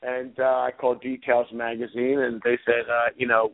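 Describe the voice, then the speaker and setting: A man guest telling a long story in halting speech full of fillers and soft chuckles. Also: medium pitch, monotone. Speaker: guest photographer. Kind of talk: anecdote telling on radio call-in. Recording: tinny phone line.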